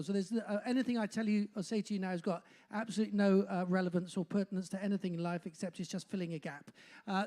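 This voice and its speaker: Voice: medium pitch, dark tone. Older compere at a pub gig, faint bristol twang, rambly and self-mocking, lots of uhs. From Bristol, England. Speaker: compere of a live music night. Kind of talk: live stage banter. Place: pub function room, on stage.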